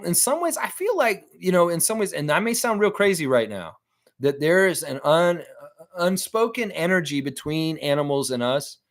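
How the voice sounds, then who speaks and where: A man hosting a live stream, chatting casually and reading viewer comments aloud between rambling thoughts. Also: medium pitch. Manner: rambling, reads chat aloud, laughs often.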